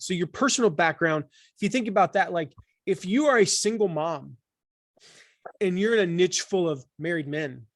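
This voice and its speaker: A man in his forties from the Southern United States, talking as an author in an interview, animated and full of restarts. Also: high voice, no room sound, clean studio sound. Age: 40s. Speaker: author and guest. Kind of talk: conversational interview.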